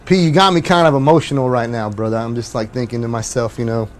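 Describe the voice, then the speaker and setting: A man's voice: medium pitch, quick pace. A middle-aged musician talking casually and wistfully, rambling and repeating words as he reminisces. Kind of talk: casual chat.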